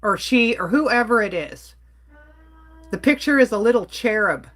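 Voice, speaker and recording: A woman's voice: fairly high pitch, lively intonation, a little slow, fairly bright tone. Exasperated Canadian woman ranting on stream. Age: adult. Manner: exasperated, blunt, talks back to chat. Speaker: livestreamer reading chat. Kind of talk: casual livestream rant.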